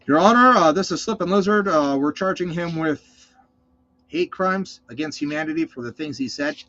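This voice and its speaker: Stiff formal male prosecutor put on by a man, halting mock-officialese, slightly high voice, muffled audio. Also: expressive, sharp tone, a little hiss or hum. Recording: slightly muffled dull recording.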